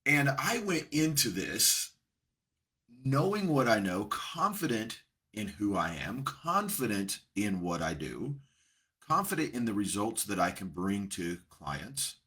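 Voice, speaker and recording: Seated in front of a camera, a middle-aged coach speaks earnestly and reflectively in a casual motivational style, with many restarts. His lowish voice is bright and forceful, with a breathy edge.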